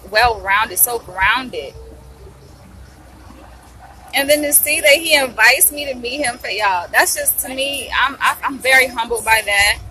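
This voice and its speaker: A woman talking casually and excitedly to her viewers in a vlog, gushing and calling them y'all, with food in her mouth. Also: fairly high pitch, slight background noise, rough recording. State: eating while talking. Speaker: vlogger.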